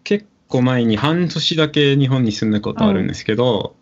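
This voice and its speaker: A man's voice: mid-range voice, animated, very fast. A man speaking as a YouTuber guest in a casual interview, hesitant and full of fillers, on a dull lo-fi recording. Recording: dull lo-fi audio.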